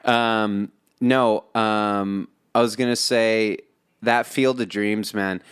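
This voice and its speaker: A man's voice: lowish voice, steady tone, slow, clear, resonant tone. A man co-hosting a podcast in casual chat, rambling and laughing, often slipping into movie lines. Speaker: podcast co-host. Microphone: remote call.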